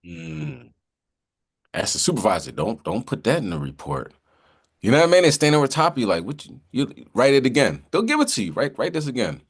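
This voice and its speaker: He is a man with a lively, swinging delivery, chatting casually in a class discussion. He speaks in loose, conversational phrases and keeps checking in with the listener. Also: medium pitch, a little fast, vocal fry, breathy edge. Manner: conversational, repeats "you know what I mean".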